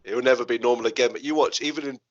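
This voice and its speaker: A man's voice: mid-range voice, fairly even intonation, very fast, dull audio. A man hosting a podcast, chatting casually, laughing often and swearing in passing. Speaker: podcast host. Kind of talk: casual chat.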